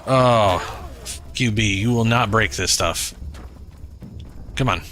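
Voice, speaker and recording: A man giving casual gameplay commentary, excitable and talking back at the game. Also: on the low side, slow pace, a little hiss or hum. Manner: excitable, talks to the game, swears. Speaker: gaming streamer.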